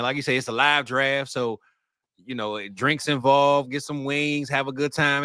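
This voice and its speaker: A man's voice: medium pitch, level tone, moderate pace, sharp tone, clear, resonant tone, no echo. A man co-hosting a casual sports podcast, talking in a laid-back, slangy way and calling people "man". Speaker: podcast co-host. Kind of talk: casual chat.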